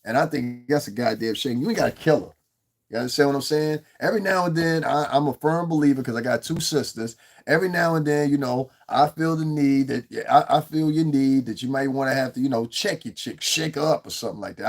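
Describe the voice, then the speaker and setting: A man hosting a livestream, rambling and animated, with frequent profanity. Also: medium pitch, quick pace. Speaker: livestream host. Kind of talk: livestream commentary.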